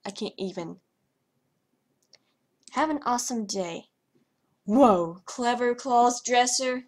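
A woman's voice: on the high side, slow pace. A young woman vlogger talking over her gameplay in a hyper, rambling way, trailing off and stuttering as she goes. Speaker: gaming vlogger. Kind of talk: casual commentary over gameplay.

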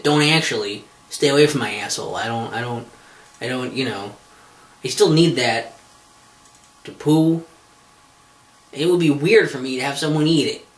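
A man at an everyday mid pitch rambles through a comic solo monologue, stacking fillers and false starts between bursts of swearing. He sounds exasperated and talks straight off the cuff. The room rings around him with a noticeable echo. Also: fairly bright tone. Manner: profane, exasperated, many fillers and restarts. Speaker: podcast host. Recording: roomy echo.

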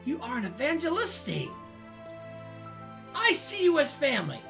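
A woman's voice: high voice, huge pitch swings, moderate pace, over music, exaggerated voice. A woman reading the lines of a proud older brother in a game, firm and intense. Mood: reassuring.

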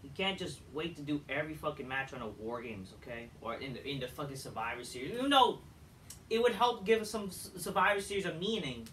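A man's voice: fairly high pitch, big pitch swings, brisk, a bit bright, a little hiss or hum. A man reviewing a wrestling show in a profane, exasperated, sarcastic rant. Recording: echoey room, distant mic.

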